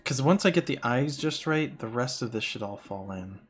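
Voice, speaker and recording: A man's voice: mid-range voice, lively intonation, normal speed, slight background noise. A young man chatting casually while he draws on a stream, joking and picking at his own artwork. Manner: joking, self-critical about his art. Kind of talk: casual chat while drawing.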